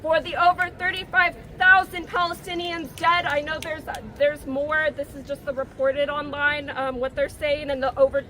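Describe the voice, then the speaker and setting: A woman's voice: high-pitched, flat delivery, normal speed, hardly any pauses, bright, forceful tone, a little hiss or hum. A woman giving an impassioned, emotional protest speech at an outdoor rally. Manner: emotional, rousing, call-and-response cadence. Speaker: rally speaker. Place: outdoor campus green at a rally. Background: crowd cheering.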